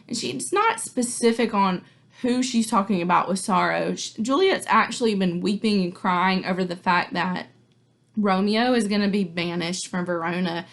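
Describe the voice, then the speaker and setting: Speaking at a moderate pace in a mid-range voice, a female teacher chats her way through a recap of a play for her students. It's informal and heavy on fillers like "like" and "um."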